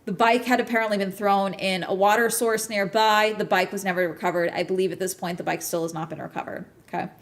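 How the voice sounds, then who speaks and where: A woman talking casually on a podcast, swearing freely and breaking off to ask "okay?" as she retells a story. Her delivery is animated and quick to jump between details. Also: medium pitch. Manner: animated, profane, frequent "okay?" check-ins. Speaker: podcast host. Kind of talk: casual chat recapping a true-crime documentary.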